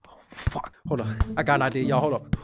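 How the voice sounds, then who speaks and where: A young adult gaming YouTuber giving casual, profane play-by-play commentary, excitable and talking straight to the viewers. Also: mid-range voice, racing, very noisy. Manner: excitable, profane, talks to the audience as "y'all". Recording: game music playing behind.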